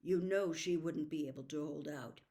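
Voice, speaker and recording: A woman's voice: deep voice, moderate pace, warm tone. Woman doing a tired, stern father. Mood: exhausted. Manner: tired, heavy, sometimes commanding. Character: weary, stern middle-aged father.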